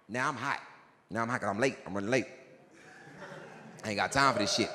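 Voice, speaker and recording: A male comedian performing stand-up in a jail, his bright, forceful voice leaping up and down in pitch. The room adds a long reverb, and a faint hiss sits underneath. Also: brisk, long pauses. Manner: animated, swings into high excited shouts. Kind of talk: stand-up storytelling. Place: jail, large hard room.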